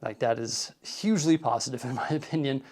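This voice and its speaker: Man, vlog host, easygoing and chatty, slightly winded, mid-pitched voice. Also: a little fast, a little mellow. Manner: chatty, laughs at himself. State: out of breath. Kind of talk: casual vlog talk. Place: indoor hobby room.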